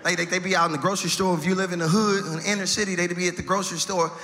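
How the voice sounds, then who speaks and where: A man from Chicago's South Side with a Chicago accent doing a stand-up comedy set in a theater, animated and slipping into mocking street voices. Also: high voice, rapid-fire, long reverb tail, slight background noise. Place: large theater stage. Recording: live theater show with loud crowd. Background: audience laughter.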